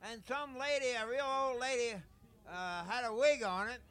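A man from Pennsylvania Dutch Country working as an auctioneer, rattling off bids in a rapid, rhythmic chant at a live sale and telling anecdotes between items. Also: extremely high pitch, a bit bright, clear, resonant tone.

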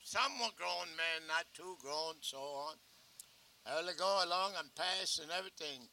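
Older New man, street newspaper seller; gravelly, bright, rambling. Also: fairly high pitch, a little slow. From New York. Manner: rambling, calls out paper cries.

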